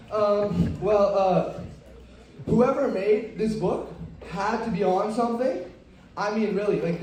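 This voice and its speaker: A man's voice: high-pitched, a little mellow. A young man doing a stand-up comedy set on a club stage, rambling and self-deprecating with many fillers. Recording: roomy, distant live club mic.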